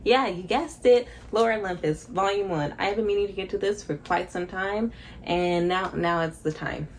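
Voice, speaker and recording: A young woman vlogging casually about a book, excitable and dramatic, with bursts of laughter and squeals. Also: medium pitch, moderate pace, a little hiss or hum. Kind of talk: casual reading vlog chat.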